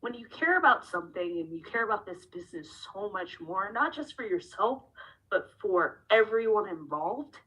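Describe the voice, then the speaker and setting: A woman's voice: medium pitch, normal speed, breathy edge, dull audio. A woman in her thirties, a professional wrestler, giving a candid interview and telling her story animatedly, acting out the dialogue. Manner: animated, acts out dialogue with shifting tone.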